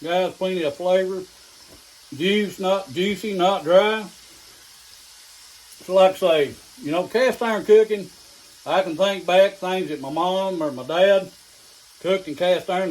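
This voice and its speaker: A man's voice: high voice, a little slow, long pauses, a little mellow, a little hiss or hum, rough recording. A middle-aged man with an East Tennessee accent, hosting a casual home cooking vlog in a folksy, down-home way, sometimes talking while he eats. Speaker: home cooking channel host. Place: home kitchen. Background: food sizzling in a skillet.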